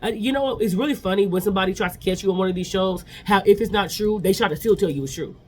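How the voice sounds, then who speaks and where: A woman's voice: medium pitch, quick pace, slight background noise. A woman in her forties giving a chatty, opinionated casual recap of reality TV episodes.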